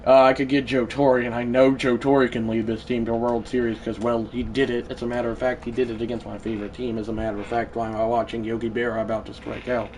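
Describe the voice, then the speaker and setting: A man streaming a sports video game, talking to his viewers in a mid-pitched voice. He rambles through asides and gets easily frustrated and irritated. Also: darkish tone, slight background noise. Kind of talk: live-stream gameplay commentary.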